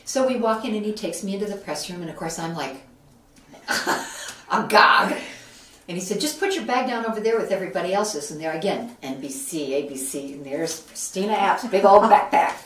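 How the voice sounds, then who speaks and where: Her voice is fairly low and her pace brisk as this interview guest from Buffalo, New York animatedly narrates a story, imitating the people in it. Faint background noise, a far-off mic, and a roomy echo color the recording.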